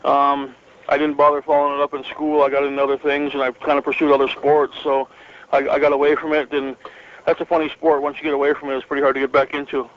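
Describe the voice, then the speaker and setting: Middle-aged guy from northern michigan, rambling wrestling stories, kinda high but flat voice. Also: fast, lo-fi sound. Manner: rambling, many fillers and restarts, chuckles often. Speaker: interview guest, retired pro wrestler. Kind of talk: relaxed storytelling interview.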